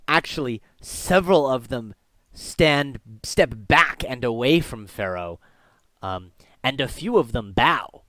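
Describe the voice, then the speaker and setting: A man's voice: lowish voice, a bit bright, dry recording. Man narrating a tabletop game, dry. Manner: descriptive narration with frequent ums and uhs. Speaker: game master.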